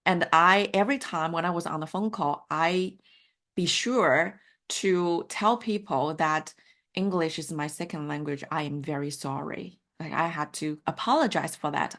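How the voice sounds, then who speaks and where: A woman's voice: sits low, unhurried, a bit bright. A woman who speaks English as a second language after Mandarin, giving a heartfelt, encouraging live coaching talk over a video call, with frequent fillers. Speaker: life coach. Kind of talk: live online coaching session.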